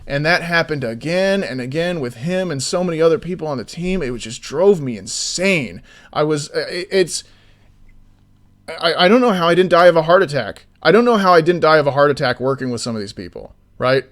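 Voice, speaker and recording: A man's voice: on the high side, brisk. A man streaming as an indie game developer, ranting with free swearing and then explaining things in casual chat. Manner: swears freely, animated ranting storyteller; slides into explanatory commentary.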